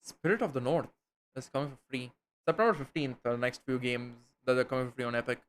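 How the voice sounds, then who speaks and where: A man's voice: mid-range voice, fast talker. A young man from India, chatting casually with his stream viewers in a slangy, rambling way, swearing now and then.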